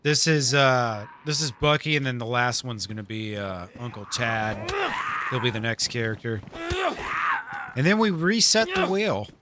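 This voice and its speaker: A man with a mid-range, expressive voice live-streams a survival game, chatting unhurriedly with his viewers over background noise. He's laid-back, laughs often, and swears freely.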